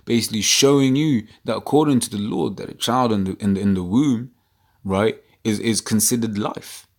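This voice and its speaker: A man's voice: fairly low pitch, moderate pace, a little mellow. A man giving a casual scripture commentary as an online preacher, reading verses aloud and often stopping to ask "right?" between fillers. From United Kingdom. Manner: quotes scripture, many fillers and "right?" tags.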